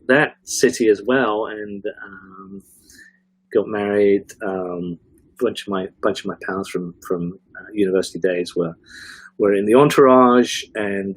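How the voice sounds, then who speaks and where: Husky low-voiced man reminiscing. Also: slow, dry recording, poor audio. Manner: rambling, many restarts and fillers. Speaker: guest. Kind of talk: casual interview chat. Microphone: video call.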